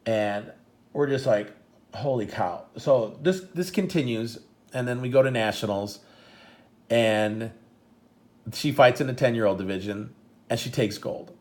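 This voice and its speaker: Middle-aged man, proud dad and coach, rambling casual storytelling, mid-pitched voice. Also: a little slow, pauses often, a little mellow. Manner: rambling, full of restarts, gets choked up. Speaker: father and karate coach.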